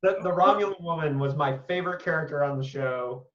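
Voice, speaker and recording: A man hosting a casual panel discussion, talking in an animated, emphatic way with quick asides. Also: fairly high pitch, reverberant, distant mic, highs cut off. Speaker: podcast host.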